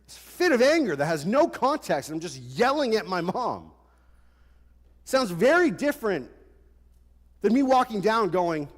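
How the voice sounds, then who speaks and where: A young male pastor preaching in a casual, animated way, throwing out rhetorical questions. His voice sits a bit high for a man. It carries the long reverb of a large church hall. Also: unhurried, pauses often. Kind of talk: sermon.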